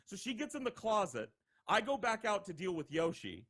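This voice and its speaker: A man's voice: sits high, normal speed. A young man telling rowdy stories on a podcast in a casual, profane way, acting out the voices of the people in them. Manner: animated, profane, acts out quoted voices. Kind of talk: casual storytelling.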